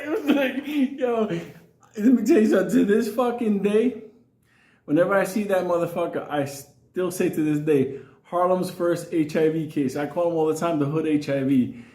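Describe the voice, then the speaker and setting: A man's voice: high voice, moderate pace, darkish tone, roomy sound. A man telling a crude story casually, laughing often and acting out other people's lines. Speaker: storyteller host.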